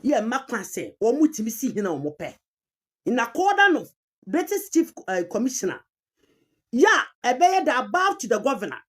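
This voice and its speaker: A woman's voice: a little high, very animated, moderate pace. A woman with a Ghanaian accent giving emphatic commentary, repeating key terms and mixing languages as she argues a point. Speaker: commentator on chieftaincy history. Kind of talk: argumentative online commentary.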